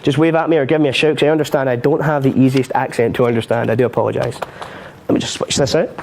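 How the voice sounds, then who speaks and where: A man's voice: medium pitch, flat delivery, quick pace, creaky, a little mellow, slight background noise. A man teaching card and coin magic on a live stream, chatty and self-mocking, laughing often. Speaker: magic instructor.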